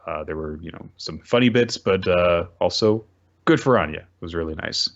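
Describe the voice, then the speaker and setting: A man with a low, deep voice talks through a manga chapter in a loose, casual podcast recap. He wanders, restarts his sentences and tosses in side comments as he goes. The audio is slightly dull and lo-fi. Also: normal speed. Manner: rambling, self-correcting retelling with asides.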